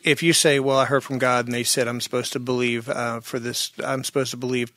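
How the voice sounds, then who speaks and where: A man's voice: medium pitch, flat delivery, brisk, fairly bright tone, no room sound. Regular guy, earnest, stumbles and repeats words, dry mic. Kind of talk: casual chat.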